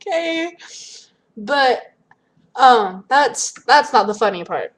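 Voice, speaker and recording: High-voiced young woman telling a story. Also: slow pace, rough recording. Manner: animated, bursts into loud shrieks when quoting. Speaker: vlogger. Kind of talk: casual storytelling to camera.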